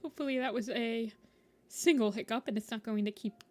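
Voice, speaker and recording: A woman's voice: a little high, a little fast. Chatty young woman streaming her drawing. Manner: chatty, rambling, lots of fillers like "like". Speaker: art streamer. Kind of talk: casual chat while drawing. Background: soft background music.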